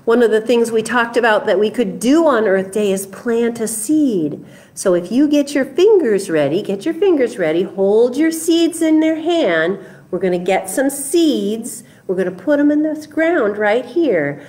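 A middle-aged librarian reads a picture book and leads a little planting song for children. She speaks slowly, in an unhurried sing-song, coaxing the young listeners along. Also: a little high, animated, dark tone. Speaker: librarian leading story time. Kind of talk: children's story time reading and singing.

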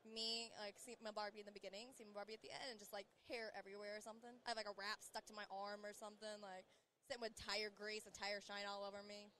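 A woman's voice: mid-range voice, level tone, quick pace, bright, forceful tone, a little hiss or hum. A young woman from Missouri, a guest on a podcast recorded at a trade show, chatting casually with folksy slang and frequent laughter. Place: busy trade show floor.

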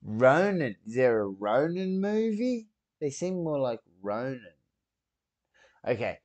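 A man hosting a reaction video, talking casually and excitably and swearing freely as he comments. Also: medium pitch, slow pace.

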